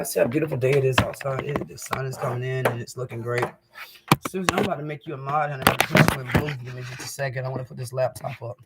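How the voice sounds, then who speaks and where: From her kitchen at home, an older livestream cooking host rambles heartfelt and chatty to her viewers, addressing the chat directly. Her throat sounds hoarse and congested, her voice sits low, and it's picked up far from the mic over background noise.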